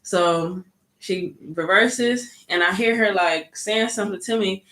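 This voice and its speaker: A woman vlogger tells a story in a loose, chatty way, dropping "like" and "you know" throughout. Her voice sits at a middle pitch. The recording has a roomy echo. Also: slow pace, fairly bright tone. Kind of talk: casual storytime. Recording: echoey room.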